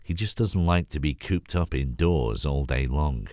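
A kindly old grandmother speaks in a soothing, motherly voice, put on by a man with a cold. She fusses gently and turns firm when scolding, recorded dry and close. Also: lively intonation, measured pace, no echo. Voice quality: cold-roughened deep voice.

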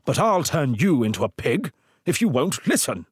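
A man's voice: medium pitch, big pitch swings, moderate pace, breathy edge, dry recording, clean studio sound, voice pushed up. A man voicing a terse, proud old male sorcerer who speaks in a solemn, archaic way in a storybook reading. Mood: stern.

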